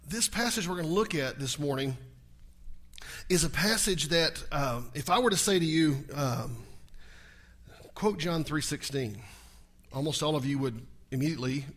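A male pastor delivers a sermon in a voice pitched a little above most men's. He rises into loud, emphatic declarations, then drops to quiet, conversational asides. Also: moderate pace, pauses often. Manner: leads the congregation in reciting scripture. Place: church service.

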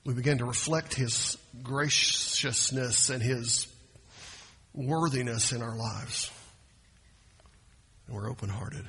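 A man's voice: mid-range voice, takes it slowly, long pauses, bright, forceful tone, husky, long reverb tail. A man preaching a sermon in a conversational, folksy way, often restarting his phrases. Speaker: pastor.

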